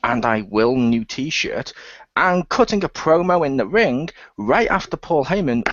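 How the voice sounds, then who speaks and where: A man's voice: mid-range voice, no echo. A man co-hosting a casual wrestling chat podcast, joking and laughing between points. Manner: joking, quick asides with laughs. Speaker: podcast co-host. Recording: dull dry lo-fi recording.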